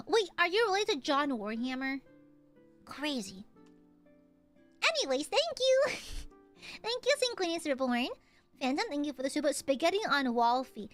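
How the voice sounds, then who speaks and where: Very high, bright-voiced young woman streamer. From United States. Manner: playful, bursts into shrieking outbursts at chat. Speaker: VTuber streamer. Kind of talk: casual livestream chat, reading donations.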